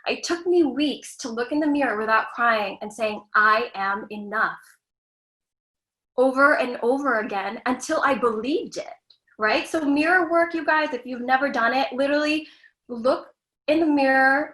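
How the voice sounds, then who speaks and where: A woman with a bright, high speaking voice talks openly and earnestly as a guest, offering self-help advice. Her words carry a roomy echo around them. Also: normal speed. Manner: earnest, frank, lightly profane. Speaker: guest, screen actress. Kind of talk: candid self-help talk.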